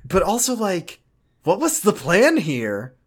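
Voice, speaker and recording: A man co-hosting a podcast in casual chat, animated and mock-dramatic, swearing freely. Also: high voice, takes it slowly, breathy edge. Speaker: podcast co-host.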